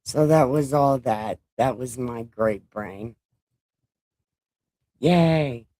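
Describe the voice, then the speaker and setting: Slow-talking, mouthy middle-aged woman. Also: a bass voice, mellow, dry recording. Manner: mouthy, swears freely. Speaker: livestream host. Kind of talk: casual livestream chat.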